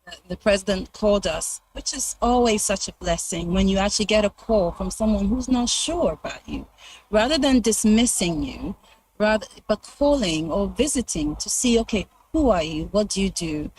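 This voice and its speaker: Woman, mid-pitched, conversational testimony with animated quoted dialogue. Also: normal speed, no echo, rough recording. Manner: animated when quoting others, hesitant fillers. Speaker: presenter sharing ministry testimony.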